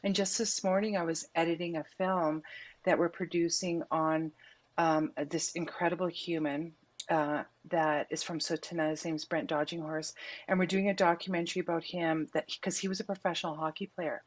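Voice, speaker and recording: A woman on a podcast telling a story with earnest, animated delivery. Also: on the low side, normal speed. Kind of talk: podcast conversation.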